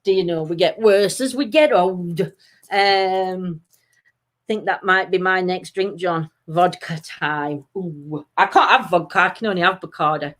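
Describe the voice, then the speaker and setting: A woman's voice: fairly low pitch, measured pace, a bit bright. A woman from Sheffield with a South Yorkshire accent, co-hosting a casual live-stream chat and reading out viewer comments. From Sheffield, England. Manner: giggly, bursts into laughter often; chatty, reads out viewer comments. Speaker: talk show co-host.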